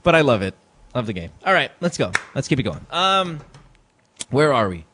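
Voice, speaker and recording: A man's voice: medium pitch, moderate pace, a little hiss or hum. A man hosting a podcast in casual, profane chat, acting out quotes from people. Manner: profane, animated, acts out quotes. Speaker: podcast host.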